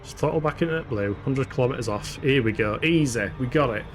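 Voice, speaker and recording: A man talks through a game live, chatty and self-mocking, and he swears and laughs often. His voice sits at an ordinary pitch. Game music plays steadily underneath him. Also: quick pace. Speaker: streamer. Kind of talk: live gameplay commentary.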